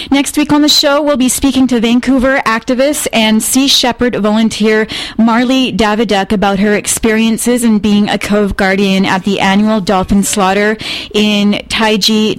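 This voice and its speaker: A woman hosting a radio show, reading scripted announcements in an even, friendly tone. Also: fairly high pitch, dry recording, rough recording. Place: radio studio. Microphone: studio microphone.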